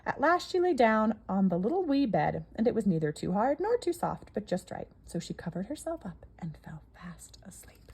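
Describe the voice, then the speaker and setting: A woman reading a children's story aloud in an expressive, sing-song storybook manner. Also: on the high side, fairly quick, hardly any pauses, breathy edge.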